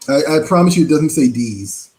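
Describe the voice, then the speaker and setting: A man chatting and laughing as a panelist in a casual online game night, lively in his banter. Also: fairly high pitch, normal speed. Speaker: show co-host and panelist. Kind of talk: casual game chat over video call.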